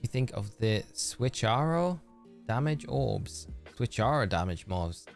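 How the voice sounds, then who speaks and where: A man's voice: mid-range voice, expressive, a little slow, creaky, soft background music. A man streaming a game live, chatting casually and reading viewer messages aloud as he answers them.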